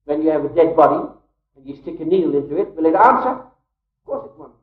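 A man's voice: a little high, lively intonation, fairly quick. A man preaching a Bible teaching sermon, emphatic, with rhetorical questions and repeated key phrases. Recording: echoey room on a tinny phone-like line.

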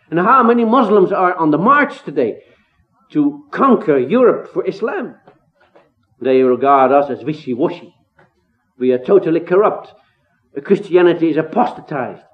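Earnest preacher on a tinny line. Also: male voice, high-pitched. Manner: earnest, emphatic with rising exclamations and rhetorical questions. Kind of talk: expository sermon. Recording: tinny phone-like sound.

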